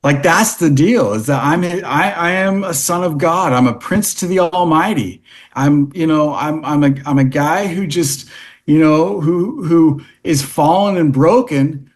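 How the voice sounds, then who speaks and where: A man in a casual podcast chat tells stories in a rambling way, restarting sentences and leaning on fillers. His voice sits a little high for a man, and he gets animated as he recounts events. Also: unhurried. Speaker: podcast guest. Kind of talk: casual storytelling.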